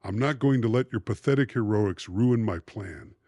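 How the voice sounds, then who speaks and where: A man voicing gloating villain Croaky. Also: lowish voice, moderate pace, a little mellow, no room sound, clean studio sound, close to an everyday voice. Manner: mocking, sing-song cackling. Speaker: audiobook narrator.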